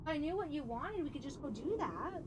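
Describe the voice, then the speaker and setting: A woman streaming a game, chatting casually and excitably, reacting out loud and slipping into soft doting baby talk with her pet. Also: high voice, a little fast, very noisy. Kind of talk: casual live-stream chat while gaming.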